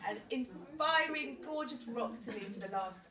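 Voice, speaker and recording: A woman in her forties speaks to a party crowd in a large echoey hall, her fairly high voice picked up from a distance. She stumbles and restarts, swinging between tender thanks and bursts of laughter as the guests murmur around her. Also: animated. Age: 40s. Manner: emotional, laughs often, halting restarts. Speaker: party host giving a speech. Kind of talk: speech at a birthday party.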